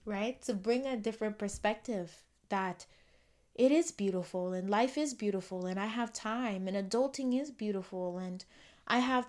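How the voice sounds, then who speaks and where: A young woman hosting a solo podcast, speaking in an earnest, affirming way, often repeating phrases and trailing off quietly. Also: mid-range voice. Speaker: podcast host. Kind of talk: reflective solo podcast monologue.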